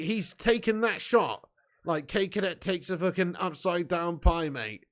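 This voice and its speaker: Here the man's voice is high-pitched and a touch bright. He is hosting a live football watch-along, chatting with his audience through crude, laddish banter, laughing frequently and commenting on the match.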